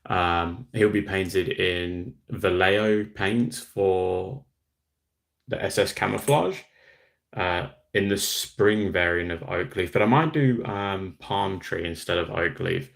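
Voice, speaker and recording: Low gravelly Australian man chatting. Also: takes it slowly. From Western Australia. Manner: chatty, reads out and answers viewer comments. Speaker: livestream host. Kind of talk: casual livestream chat.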